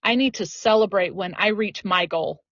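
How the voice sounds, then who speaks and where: Earnest female storyteller, casual and lively, dry muffled recording. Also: medium pitch, moderate pace, dry recording. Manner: earnest, lively storyteller with frequent "you know". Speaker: podcast guest. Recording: dull lo-fi dry audio.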